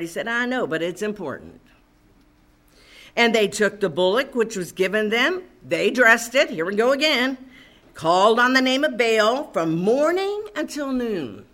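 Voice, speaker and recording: A woman's voice: medium pitch, a bit bright. A woman preaching a sermon, reading scripture aloud and commenting with rising emphasis.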